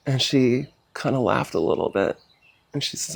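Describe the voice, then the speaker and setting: A middle-aged man telling a painful personal story in a halting, emotional way, with many pauses, fillers and sighs. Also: mid-range voice, expressive, gravelly. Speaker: personal vlogger.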